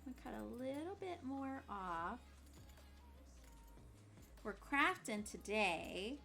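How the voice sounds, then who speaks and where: A woman chatting casually on a crafting livestream, bubbly and quick to laugh, greeting viewers loudly and muttering to herself as she works. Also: fairly high pitch, big pitch swings, creaky, faint music behind. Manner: mutters and whispers to herself while working. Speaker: craft streamer.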